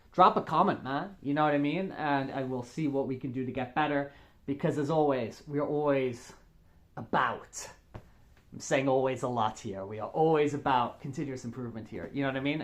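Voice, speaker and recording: Rambling, enthusiastic casual vlogger. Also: mid-range voice. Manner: rambling, filler-heavy, enthusiastic; upbeat, friendly, addresses viewers directly. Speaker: furry vlogger. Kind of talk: casual chat to camera.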